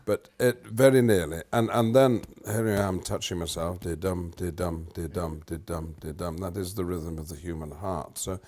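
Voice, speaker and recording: Older british actor man, low voice, explains stuff really animated, goes loud then quiet, hums the beats. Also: normal speed, few pauses. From Britain. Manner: animated explaining, swinging between loud and soft, hums rhythms. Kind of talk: interview.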